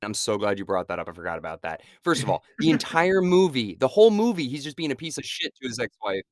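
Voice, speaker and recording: A man's voice: mid-range voice, big pitch swings, fast talker, dry recording. A young man co-hosts a casual movie-review podcast, his voice swinging widely up and down as he talks. He swears freely and laughs often. The recording is dry and close, with no room sound. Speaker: podcast co-host.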